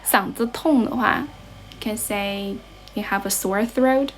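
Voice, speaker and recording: A young woman whose first language is Chinese chats casually on a livestream, reading viewers' comments and answering them. She speaks at an ordinary pitch, switches into Mandarin, restarts her sentences and corrects herself as she goes. A faint noise sits behind her voice. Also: slow. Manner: mixes English with Mandarin, chatty, self-correcting. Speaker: English tutor livestreamer.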